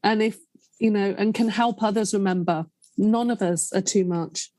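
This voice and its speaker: A woman's voice: medium pitch, normal speed, mellow, dry recording. A woman hosting a podcast interview, effusive and affectionate, openly emotional and close to tears. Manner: effusive and affectionate, calls guest darling and love. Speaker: podcast host. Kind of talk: casual interview chat.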